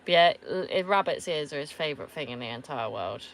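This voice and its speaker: Low-voiced chatty woman. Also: expressive, a little fast. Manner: chatty, laughs often, swears casually. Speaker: van-life vlogger. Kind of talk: casual chat answering viewers. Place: inside a camper van.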